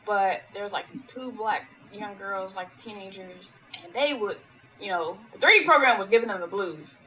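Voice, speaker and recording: A woman hosts a casual interview with a bright, forceful voice. She tells her stories in an animated way, her energy rising as she gets into them, with a faint noise in the background. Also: mid-range voice, normal speed, low-quality recording. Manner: animated, lively storyteller with laughs. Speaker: podcast host.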